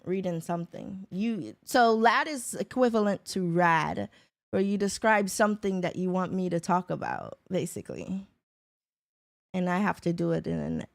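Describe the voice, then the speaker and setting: A woman hosting a livestream, chatting casually and greeting viewers by name. She takes her time with her words and keeps a relaxed, unhurried flow. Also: fairly low pitch, creaky.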